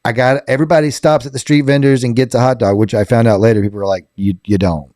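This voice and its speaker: A man's voice: medium pitch, fairly even intonation, quick pace, a little mellow, no echo, studio quality. A man from South Carolina, co-hosting a podcast and telling joking, self-deprecating stories in casual chat. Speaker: podcast co-host.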